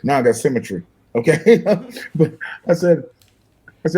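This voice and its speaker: An older man, a guest musician, telling animated, fast-paced stories in an interview and acting out the voices of the people in them. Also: on the high side, poor audio. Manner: fast-talking, acts out voices in his stories, laughs often.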